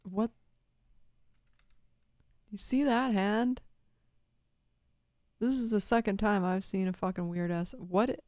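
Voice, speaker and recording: A woman's voice: mid-range voice, steady tone, slow pace, long pauses, a little mellow, no echo, studio quality. A woman giving casual, rambling video commentary, swearing constantly and laughing often.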